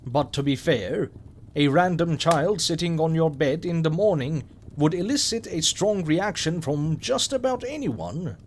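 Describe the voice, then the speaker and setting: A man narrating a scripted horror story in a measured, wry way. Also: a little high, lively intonation, a little hiss or hum.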